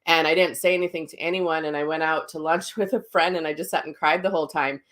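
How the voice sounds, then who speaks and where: A woman's voice: low-pitched, fairly even intonation, fast, fairly bright tone. A middle-aged woman hosting her own show, talking casually and candidly, rambling with fillers and self-corrections. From Minnesota. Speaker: psychic medium host. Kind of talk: casual personal talk.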